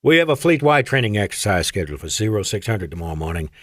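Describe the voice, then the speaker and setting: A man's voice: on the low side, very animated, fast, a bit bright, no echo, clean studio sound. A man voicing a brusque young colonel. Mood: commanding.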